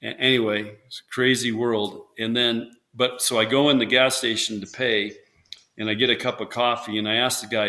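A man's voice: mid-range voice, flat delivery, moderate pace, pushed and bright. A man, a former volleyball coach, chatting casually in an interview and telling rambling stories with lots of restarts. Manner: rambling storyteller, many restarts, acts out quotes.

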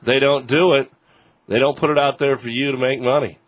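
A man hosting a sports radio show, briskly reading plugs and chatting about games. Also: medium pitch, fairly even intonation, no room sound. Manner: brisk, reads promos and plugs.

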